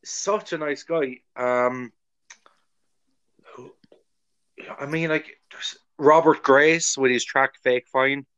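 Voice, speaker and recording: A man's voice: mid-range voice, fairly even intonation, takes it slowly, pauses often, a bit bright, clean tone. A man hosting a podcast, chatting casually in a gushing, jokey way. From Ireland. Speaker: podcast host. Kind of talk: casual chat.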